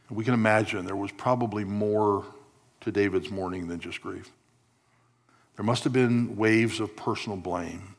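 A man's voice: on the low side, moderate pace. A man preaching a sermon, telling a story with wry asides and acting out the lines of the figures in it. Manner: storytelling preacher, acts out quotes, wry humor. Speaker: pastor.

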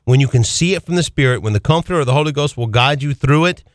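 A man hosting a call-in radio show, preaching with fervent, rapid-fire rhetorical questions from a studio. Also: mid-range voice, animated, no echo. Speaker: radio talk show host.

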